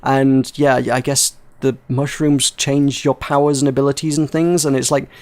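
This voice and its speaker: A man's voice: mid-range voice, level tone, moderate pace, a little mellow. A man hosting a casual video game podcast, rambling, laughing and swearing as he talks. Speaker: podcast host. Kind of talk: casual podcast chat about video games.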